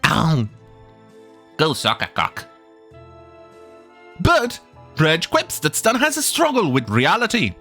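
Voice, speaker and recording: A man's voice: high-pitched, bright, forceful tone. A man hosting a commentary video, ranting with heavy swearing and scorn, often stumbling and restarting his sentences. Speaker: commentary channel host.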